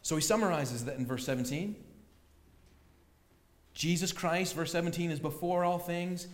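A man's voice: a little high, normal speed. A man preaching a sermon as pastor, emphatic and repeating key words for stress. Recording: echoey hall with long reverb.

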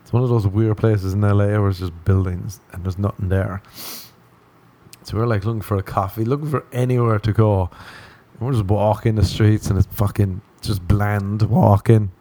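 Man, young adult, podcast host, comic storytelling, rambling and profane, laughs often, deep voice. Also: steady tone, normal speed, dark tone. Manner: rambling, profane, laughs through his own stories. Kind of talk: solo comedic storytelling podcast.

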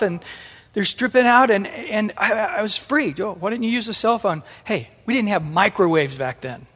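A middle-aged man preaching a sermon in an animated way, acting out the voices he quotes. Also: high-pitched, moderate pace. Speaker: pastor. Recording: long hall reverb.

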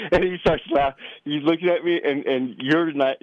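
A middle-aged father telling a family story in a casual, animated way, acting out the voices he quotes. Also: fairly high pitch, measured pace, pauses often, dull audio. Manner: animated, acts out quoted voices, many restarts.

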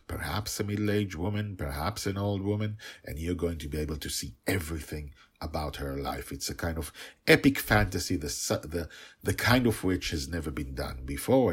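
A man reading his own serialized fantasy story in an expressive storybook narration. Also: low-pitched, breathy edge. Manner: expressive, rising and falling for emphasis.

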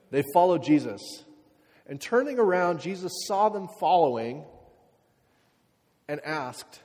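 A man preaching in a relaxed, conversational way, full of likes and you-knows, who sometimes sinks into hushed reflection. His voice sits at an ordinary middle pitch for a man. A long reverb trails behind him in a big hall. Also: moderate pace. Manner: conversational, many fillers, drops to quiet reflective passages. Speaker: pastor. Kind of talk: sermon.

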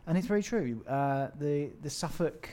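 A man's voice: on the high side, expressive, normal speed, warm tone. A man co-hosting a casual podcast, swearing and teasing the others in banter. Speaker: podcast co-host. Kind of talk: casual chat.

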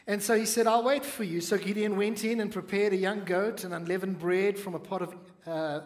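A male pastor preaching a sermon, reading scripture aloud and breaking off into lively asides to the congregation. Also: sits high, a little fast.

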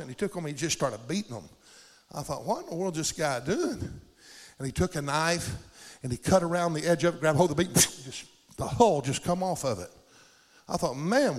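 A man preaching an animated sermon, calling for amens and breaking into shouts of praise. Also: on the high side. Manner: exuberant, calls for amens, shouts bursts of praise. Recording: hall reverb.

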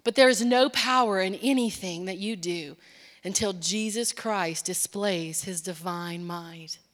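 A woman preaching a sermon in a church, impassioned, moving between hushed, quiet passages and emphatic, building lines. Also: medium pitch, unhurried, in a large hall. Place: church sanctuary.

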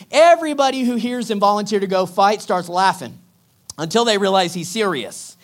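A man preaching in a lively storytelling way, energetic and slangy. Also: high voice, fairly quick.

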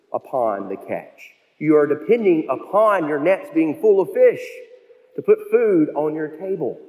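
A male pastor preaching a sermon, telling stories and slowing down to stress key phrases. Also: a little high, dark tone. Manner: storytelling, with slow emphatic phrases. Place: church sanctuary. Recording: long church reverb.

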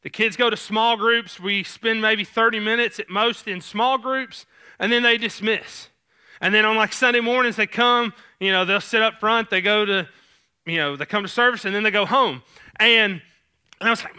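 Man, Southern accent, youth pastor sermon, high voice, very bright, chatty and loose. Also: normal speed, smooth. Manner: casual, conversational preaching with many fillers. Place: church sanctuary stage.

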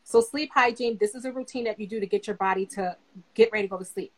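A young adult woman guest speaking as a therapist, giving advice in a relaxed, conversational way with many fillers. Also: mid-range voice, fast, low-quality recording. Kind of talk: casual advice chat.

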